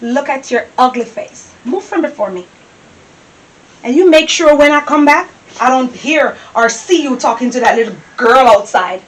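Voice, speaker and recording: A woman with a Jamaican accent playing a domineering, scornful wife who scolds her husband and her maid, often breaking into shouts. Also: high-pitched, animated, normal speed, poor audio. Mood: scolding. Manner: scolding, cutting, bursts into shouts. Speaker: actor in a Jamaican stage-style movie.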